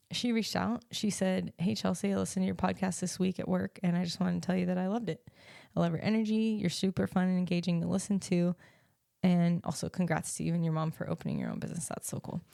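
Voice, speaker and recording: Chatty woman with a gravelly low voice. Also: mellow, dry recording, clean studio sound. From United States. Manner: chatty, rambling, many ums and restarts. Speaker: podcast host and life coach. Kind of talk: casual solo podcast chat.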